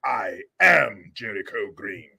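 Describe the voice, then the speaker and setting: A man doing a formal male butler voice, announcing slowly and grandly in a drawn-out way. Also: on the low side, expressive, gravelly, pushed and bright, breathy edge, voice pushed down, exaggerated voice.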